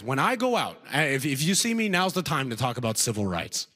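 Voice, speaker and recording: A man telling a stand-up comedy story, animated and chuckling at his own jokes. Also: brisk, hardly any pauses. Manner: animated, swings from high to low for punchlines.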